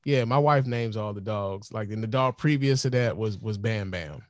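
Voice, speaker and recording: A man's voice: on the low side, moderate pace, no room sound, studio quality. A man, chatting casually in a laid-back, profane way. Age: 40s. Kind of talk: casual chat.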